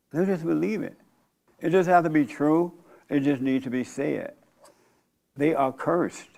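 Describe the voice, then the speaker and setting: A man's voice: medium pitch, gravelly, darkish tone. An older man, a pastor and show host, giving a blunt, provocative, conversational church talk.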